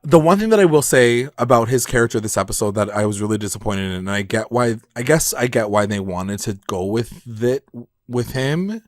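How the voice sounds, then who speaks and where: A man co-hosting a podcast, recapping a TV episode in casual chat, animated and heavy on fillers and swearing. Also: medium pitch, fairly quick, few pauses, dry recording, studio quality. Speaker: podcast co-host.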